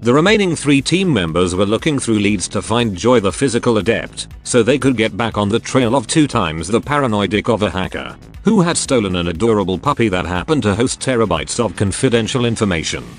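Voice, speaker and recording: A synthetic male text-to-speech voice narrating a tabletop game story as an even, scripted reading. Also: lowish voice, brisk, few pauses, soft background music.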